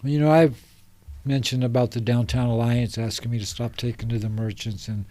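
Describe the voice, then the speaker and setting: A man's voice: mid-range voice, steady tone, brisk, mellow, a little hiss or hum. A middle-aged man from Salt Lake City, a podcast guest speaking earnestly and passionately in a loose, rambling way. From Salt Lake City, Utah. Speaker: guest, homeless advocate. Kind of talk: casual podcast conversation. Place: podcast studio.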